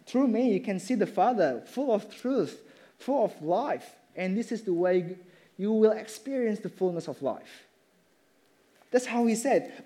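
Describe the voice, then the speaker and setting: A man preaching a sermon in church, emphatic and animated, repeating phrases as he builds his points. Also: sits high.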